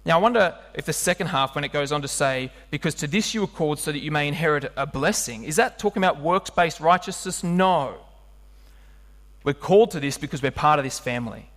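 A man delivers a lively sermon, his voice pitched somewhat high for a man. He keeps turning to the congregation with rhetorical questions. The sound rings on in a large hall with a long reverb. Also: brisk. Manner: animated, asks the listeners rhetorical questions. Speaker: preacher.

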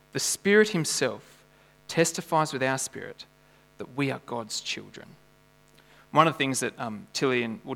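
Aussie pastor guy preaching, gravelly edge, long church-hall echo with a hum under it. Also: medium pitch. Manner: earnest, swings from loud emphasis to quiet intimacy. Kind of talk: sermon. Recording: reverberant hall with mains hum.

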